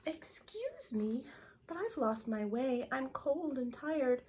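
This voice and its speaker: Storybook chipmunk, small, cold and tired, polite and pleading; soft, half-whispered, pitched up high, as a woman reads it aloud. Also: sing-song, slow, a little hiss or hum, full character voice.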